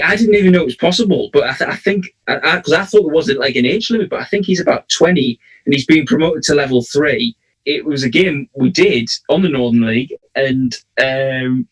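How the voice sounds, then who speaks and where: Bloke telling a long ref story, keeps restarting, acts out what people said. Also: male voice, medium pitch, fairly bright tone, poor audio. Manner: rambling storyteller, many restarts, acts out quotes. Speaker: referee, podcast co-host. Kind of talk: casual chat, long anecdote.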